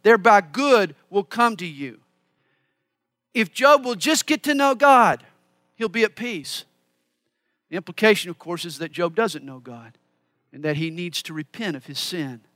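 A man's voice: high-pitched, normal speed, bright, forceful tone, no echo, clean studio sound. A man preaching a sermon, teaching through a Bible passage verse by verse with explanatory asides.

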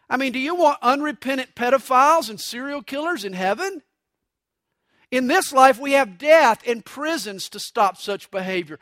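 A man's voice: very high-pitched, sharp tone, no echo, studio quality. A man preaching a sermon, mixing stories and jokes with acted voices for quotes. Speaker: pastor.

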